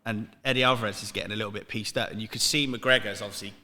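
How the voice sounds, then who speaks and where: A man from Wales tells sweary anecdotes on a casual podcast, laughing as he goes. His voice is bright. The room behind him rings with a long reverb. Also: fairly low pitch, steady tone, very fast. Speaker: podcast co-host.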